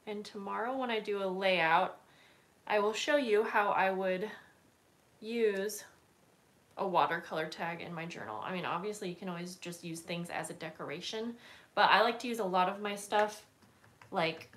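A woman's voice: medium pitch, moderate pace, fairly bright tone. A woman hosting a casual craft livestream, chatting and rambling with lots of fillers while she stamps and works at her table. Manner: chatty, rambling, many fillers and self-corrections.

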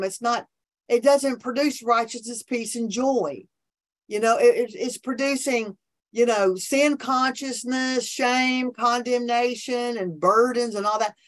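A woman talking about faith in an enthusiastic, preachy way on a remote call from her office, often restarting her sentences. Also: fairly high pitch. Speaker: podcast guest, minister. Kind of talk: animated faith conversation.

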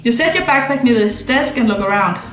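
A woman's voice: fairly high pitch, expressive, a little fast, reverberant, poor audio. Playful woman reading a game aloud. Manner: playful, laughing asides. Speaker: streamer. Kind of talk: reading a visual novel aloud.

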